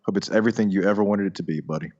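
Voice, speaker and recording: Low man on a dull lo-fi mic. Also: rapid-fire, a little mellow. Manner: hesitant, many fillers. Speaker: podcast co-host. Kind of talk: casual chat.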